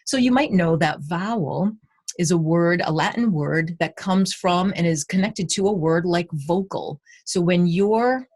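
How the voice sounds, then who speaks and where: A woman's voice: lowish voice, unhurried, a little mellow, husky. A woman literacy educator giving a recorded conference presentation, explaining and guiding listeners through speech-sound exercises.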